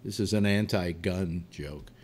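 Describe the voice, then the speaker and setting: A man hosting a live talk show, telling a long joke in a rambling, animated way with restarts. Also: deep voice, unhurried. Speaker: host.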